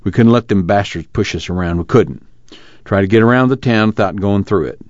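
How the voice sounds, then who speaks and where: A man doing a strained young farm son, clipped drawl, very deep, dead dry room. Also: brisk, dry recording, lightly acted. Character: tense young farmhand son, fighting his temper. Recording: dry, slightly muffled studio recording.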